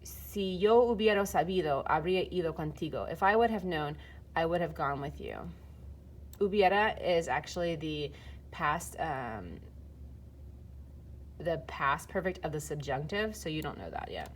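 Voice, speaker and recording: A woman with a low, animated voice explains Spanish grammar step by step at a moderate pace, using casual fillers. She's filming and typing for a recorded lesson, and there's slight background noise.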